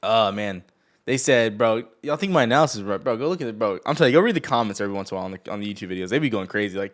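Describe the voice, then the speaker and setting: A man's voice: on the low side, animated, racing. A man hosting a casual live market chat from home, rambling and joking in a boastful, teasing way. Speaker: livestream host.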